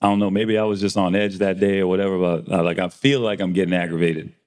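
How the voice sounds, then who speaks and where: A man's voice: low-pitched, steady tone, quick pace, darkish tone. A man telling a barbershop story in casual chat, acting out the dialogue and swearing freely. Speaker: barber and podcast host.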